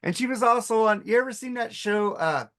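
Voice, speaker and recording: A man's voice: high-pitched, brisk. A man on a podcast, casually retelling comedy sketches with lots of swearing and acted-out voices. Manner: animated storyteller, acts out sketch voices, swears freely. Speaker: podcast co-host. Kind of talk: casual chat.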